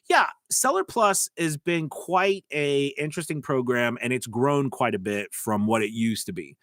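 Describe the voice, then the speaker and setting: A man's voice: mid-range voice, unhurried, a bit bright, no room sound. Male host for a casual live stream, mid-range voice, loose and filler-heavy, dry close-miked. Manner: rambling, filler-heavy, reads viewer comments aloud. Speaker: voice-over coach and channel host.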